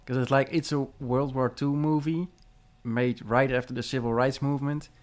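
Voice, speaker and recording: A man co-hosting a casual film podcast, wry and critical with deadpan jokes. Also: mid-range voice, normal speed. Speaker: podcast co-host.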